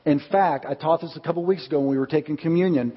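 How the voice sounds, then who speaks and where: A pastor gives an earnest sermon in a husky, slightly high voice, stretching out his words when he makes a point. The sound is muffled and lo-fi, with a long reverb tail from a large church hall. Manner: earnest, slows down to stress key points. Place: church sanctuary.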